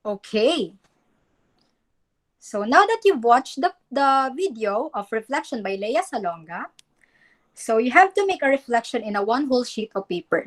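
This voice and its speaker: A woman's voice: on the high side, fairly bright tone. A woman teaching a class, instructing students on reading a poem aloud, modeling pronunciation and calling on students by name. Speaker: English teacher.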